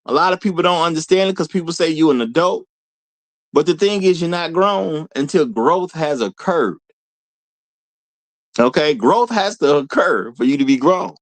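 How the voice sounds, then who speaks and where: High-voiced guy hosting a live stream, super animated, keeps repeating himself and going "y'all". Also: moderate pace, no room sound, low-quality recording. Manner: animated, repeats lines for emphasis, addresses viewers as y'all. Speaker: host of a live commentary show. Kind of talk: casual live commentary.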